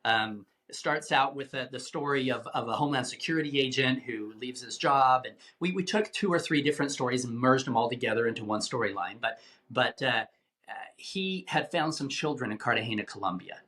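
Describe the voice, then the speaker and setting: A middle-aged man, a podcast guest, recounting a tense rescue mission in vivid, animated storytelling with acted-out quotes. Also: medium pitch, brisk. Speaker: guest, anti-trafficking rescuer. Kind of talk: dramatic storytelling in a podcast interview.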